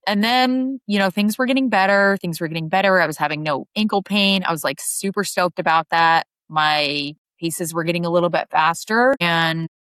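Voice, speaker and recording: A woman's voice: on the low side, moderate pace, few pauses, fairly bright tone, clear, resonant tone, no room sound. A woman ultrarunner chatting casually as an interview guest, her speech full of "like" fillers. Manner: chatty, heavy use of "like" fillers.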